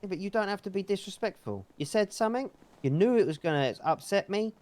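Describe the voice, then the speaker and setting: A man's voice: high-pitched, animated, quick pace, a little mellow, dry recording. A man playing an angry, swearing character who defends himself in a heated roleplay argument. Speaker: roleplay character in a street dispute.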